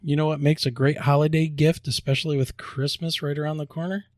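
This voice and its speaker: A man hosting a podcast, joking around and spelling out web addresses slowly. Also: fairly high pitch, level tone, darkish tone, dry recording, studio quality. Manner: upbeat, jokey promo delivery, spells out web addresses slowly. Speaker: podcast host. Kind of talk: casual podcast chat and announcements.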